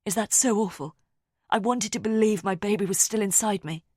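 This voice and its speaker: A woman's voice: medium pitch, brisk, darkish tone, husky, dry recording, studio quality, close to an everyday voice. A woman reading an audiobook voices a grieving young woman who speaks in a strained, emotional, pleading way. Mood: distressed. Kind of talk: audiobook character voice.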